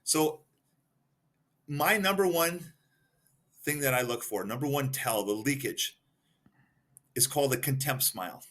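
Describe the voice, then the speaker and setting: A man's voice: medium pitch, animated, measured pace, pauses often, a bit bright. A man talking as a guest expert on a podcast, explaining points one by one and giving examples. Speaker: guest expert in behavioral analysis.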